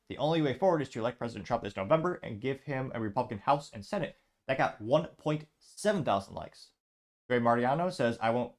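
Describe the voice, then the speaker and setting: A man hosting a show, casually reading online comments aloud and adding dry asides. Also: mid-range voice. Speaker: show host.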